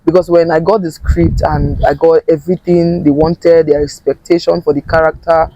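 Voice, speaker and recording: A woman's voice: sits low, moderate pace, a little hiss or hum, low-quality recording. A young adult Nigerian woman being interviewed as an actor, talking animatedly and switching between English and Pidgin. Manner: animated, mixing English with Pidgin, laughs often. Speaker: actor guest. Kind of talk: casual interview chat.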